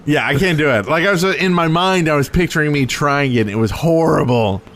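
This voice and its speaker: A man's voice: on the high side, fairly quick, a bit bright, a little hiss or hum. A man co-hosting a casual podcast, jokey and fond of silly voices. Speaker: podcast co-host.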